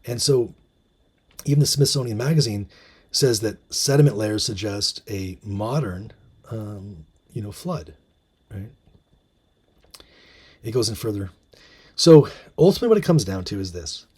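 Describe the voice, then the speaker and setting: A man's voice: lowish voice, animated, measured pace, long pauses, a little mellow, husky. A man hosting a casual monologue, musing with many fillers and restarts and reading out bits of articles. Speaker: host.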